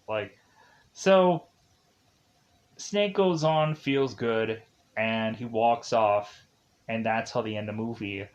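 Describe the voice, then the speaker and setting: A man walks through a film's plot in an unhurried, rambling recap. His delivery is loose and casual, with frequent "like" fillers. His pitch sits in an average range. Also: dull audio. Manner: rambling, heavy use of "like". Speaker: film reviewer.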